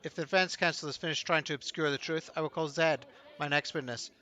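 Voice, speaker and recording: A man's voice: on the high side, fairly even intonation, quick pace, pushed and bright. A man voicing a smug, scheming male prosecutor in a video game, pompous and sneering.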